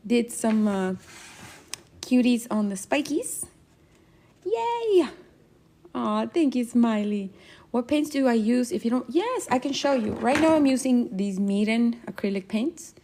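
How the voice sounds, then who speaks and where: A woman's voice: a little high, dark tone. A woman hosting a live painting stream, chatting casually and playfully with viewers and giggling often while she paints.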